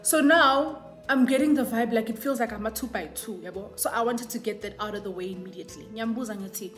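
A woman's voice: fairly high pitch, fast, soft background music. A young South African woman telling a casual storytime, chatty and switching between English and isiZulu. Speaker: YouTuber.

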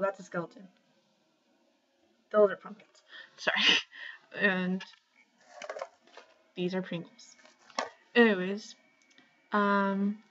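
A young woman at home talking casually to her camera in a rambling shoutout vlog, full of ums and likes. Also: medium pitch. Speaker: vlogger. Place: home, indoors. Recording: slightly dull lo-fi webcam audio.

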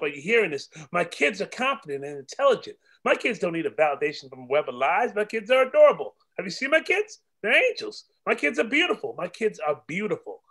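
A man with a high voice performs spoken-word poetry. He chants emphatic, rhythmic affirmations and leans hard on each line. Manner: rhythmic, emphatic affirmations with swings in pitch and loudness. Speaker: poet.

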